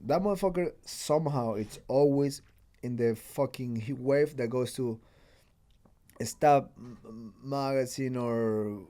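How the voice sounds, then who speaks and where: Guy on a podcast with a dark, mellow voice, swearing a lot, acting out the people in his story. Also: medium pitch, measured pace. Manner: swears freely, acts out quotes. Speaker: podcast host. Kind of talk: casual chat, storytelling.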